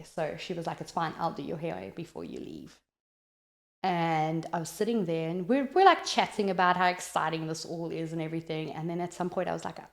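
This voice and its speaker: A South African woman telling a personal story in an animated, chatty way, with many "like" fillers, as a podcast guest. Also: low voice, creaky, reverberant.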